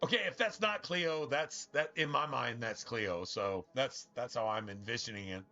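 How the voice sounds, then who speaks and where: A man's voice: mid-range voice, moderate pace, pushed and bright. A young man streaming a video game, chatting casually in a rambling, profane way and stumbling over his restarts. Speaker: gaming streamer. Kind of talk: casual chat over gameplay. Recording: dull lo-fi stream audio with faint game music.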